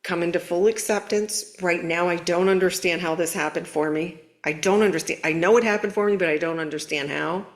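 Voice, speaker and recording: Woman, spiritual coach host, lowish voice, casual earnest delivery. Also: brisk, few pauses. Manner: earnest, conversational, animated storytelling.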